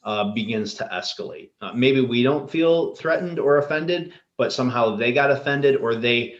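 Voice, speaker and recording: A man's voice: mid-range voice, normal speed. A man with a mid-range voice hosting a podcast, posing questions in an easygoing way. His voice sounds roomy and echoey, and the audio is dull and lo-fi. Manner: conversational, poses questions to co-hosts. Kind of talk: casual chat.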